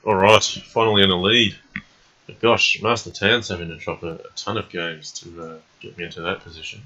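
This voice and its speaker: A man streaming chess. He thinks aloud in a calm, measured way with plenty of ums. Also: low voice. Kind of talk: live game commentary. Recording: dull lo-fi stream audio.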